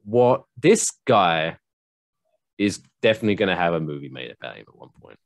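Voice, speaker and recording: Jokey low-voiced man on a podcast. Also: big pitch swings, normal speed, no room sound. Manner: chatty, jokey, reads news aloud with asides. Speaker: podcast co-host. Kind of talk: casual news chat.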